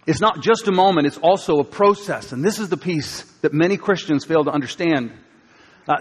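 Guy pastor preaching, kinda high voice, chatty, big hall reverb. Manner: conversational, dramatic shifts between loud and hushed. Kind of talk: sermon. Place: church auditorium. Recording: long reverb of a church hall.

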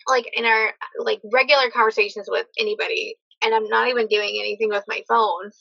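A woman co-hosting a casual podcast chat, telling stories in an excitable, giggly way. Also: on the high side, a little fast, gravelly, dry recording. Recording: dull, lo-fi dry mic.

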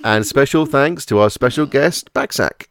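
A man's voice: mid-range voice, lively intonation, normal speed, no room sound. A man hosting a casual movie podcast, with wry, rambling, joking patter. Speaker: podcast host.

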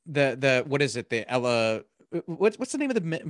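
Man, podcast co-host, lively swooping pitch, dry close mic, rambling with fillers. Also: a little fast, no room sound. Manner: rambling, many fillers and restarts; jokey and animated. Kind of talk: casual movie review chat.

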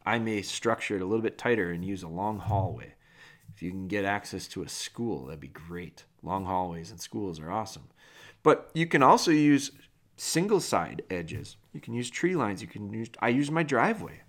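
A man hosting a podcast, giving casual, plain-spoken dog training advice with a folksy, animated manner. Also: fairly low pitch, normal speed.

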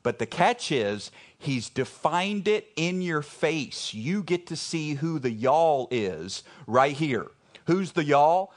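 A man's voice: fairly high pitch, big pitch swings, slow pace. A man with a Texan accent preaching a conversational, emphatic sermon to his congregation, repeating key phrases for emphasis. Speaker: pastor.

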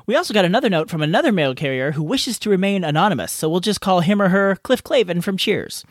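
A man with a high, lively voice talks fast as he goes over his podcast outtakes, goofing around and poking fun at himself in a hot home garage. The recording is dry.

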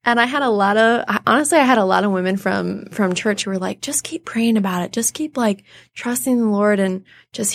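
An animated woman in her thirties talks as an interview guest. Her pitch is middling. She tells stories and acts out the people she quotes. The sound is dry and close to the mic. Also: a little fast, vocal fry, hardly any pauses, no echo. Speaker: guest, theater artist. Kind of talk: casual interview storytelling.

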